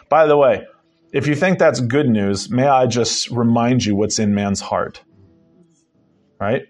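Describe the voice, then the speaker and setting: Male preacher, casual Bible-study sermon delivery, emphatic with wry asides, average pitch. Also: fairly even intonation, unhurried, darkish tone. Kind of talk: conversational sermon, Bible teaching.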